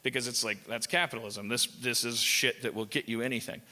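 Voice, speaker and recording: A man's voice: mid-range voice, steady tone, brisk, bright, forceful tone. A man hosting a live comedy podcast on stage, riffing in a profane, meandering monologue. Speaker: podcast host.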